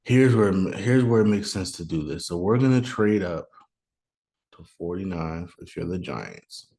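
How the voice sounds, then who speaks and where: A deep-voiced man hosts a casual solo show from home, thinking aloud as he goes. He rambles and second-guesses himself, then bursts into mock anger. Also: big pitch swings, measured pace, warm tone. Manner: thinks aloud, chatty, sudden mock outrage. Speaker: podcast host doing a mock draft. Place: room at home, noise outside.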